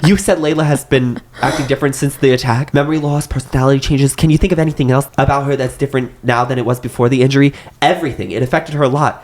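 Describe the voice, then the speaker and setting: A young man reads a novel aloud in a mid-range voice. He moves through the narration at an even clip, tilting his pitch a little for each character. Now and then he drops a joking aside. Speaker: co-host reading a novel aloud.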